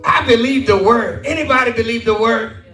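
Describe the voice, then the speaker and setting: A pastor preaching fervently, shouting and repeating phrases, calling out to his congregation for responses. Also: extremely high pitch, normal speed. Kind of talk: shouted call-and-response sermon. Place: large church hall. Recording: echoey church hall, voice from a distance, music behind.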